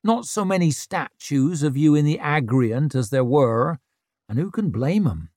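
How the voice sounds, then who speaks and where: A man's voice: fairly high pitch, expressive, a little slow, a little mellow, dry recording, clean studio sound, voice pushed up. A man doing a cheeky, mocking young woman chieftain. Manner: teasing, cheeky, needling.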